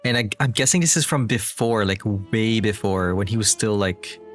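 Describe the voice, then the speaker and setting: A man streaming a game gives casual commentary, rambling with lots of fillers and restarts and laughing often. His voice is on the low side at a moderate pace, with faint music behind him.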